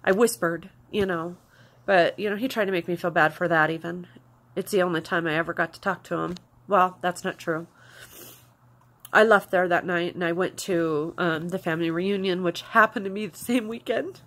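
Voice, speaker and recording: A woman's voice: lowish voice, steady tone, moderate pace, fairly bright tone. A woman vlogger telling a personal story to camera in a confiding, rambling way, with many fillers, close to tears.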